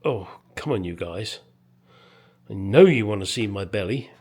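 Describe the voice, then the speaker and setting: A man's voice: on the low side, expressive, unhurried, a little mellow, breathy edge. A man chatting casually in his home garage about a car restoration, rambling and making crude jokes. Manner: rambling, crude joking, swears freely. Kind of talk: casual workshop chat.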